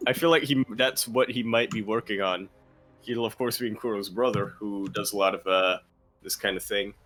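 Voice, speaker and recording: A man's voice: on the low side, steady tone, normal speed, fairly bright tone, faint music behind. A man co-casting a live esports tournament in laid-back, joking banter with frequent laughs. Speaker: esports co-caster. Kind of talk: casual live commentary banter.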